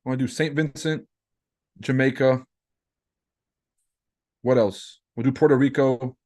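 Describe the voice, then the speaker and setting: A man's voice: mid-range voice, fairly even intonation, unhurried, warm tone. A man in his own everyday voice hosts a trading livestream, talking casually and loosely. He is brash and profane, cracking jokes and answering chat messages as they come in.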